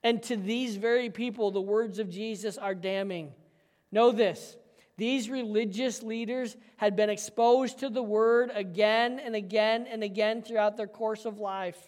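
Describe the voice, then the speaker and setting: A pastor delivering a sermon, emphatic and forceful, dropping to a quiet, intense hush for key points. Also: male voice, sits high, steady tone, measured pace, long reverb tail.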